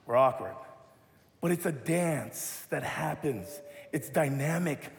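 A man preaching a sermon, leading a playful live object lesson with animated, joking delivery. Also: fairly high pitch, slow pace, vocal fry. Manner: animated, rises to loud exhortation. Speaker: pastor. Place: large church hall. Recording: long reverb of a hall.

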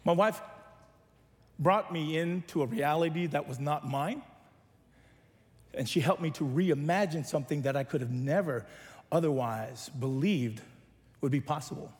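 A man's voice: fairly high pitch, big-room sound. A man preaching a sermon as pastor, mixing humor with calls for the church to respond.

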